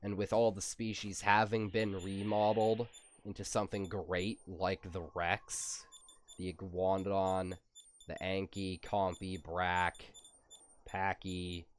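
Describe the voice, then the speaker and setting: Slow, low-voiced gamer with a stuffy nose. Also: male voice, slight background noise. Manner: rambling, relaxed, drawn-out. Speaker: gaming channel host. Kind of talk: casual gameplay commentary.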